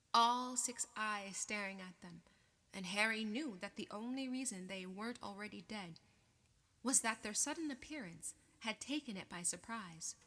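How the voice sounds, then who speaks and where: A woman reading an audiobook aloud in a measured, expressive way. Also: medium pitch. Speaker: audiobook reader. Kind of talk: audiobook narration. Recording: long reverb.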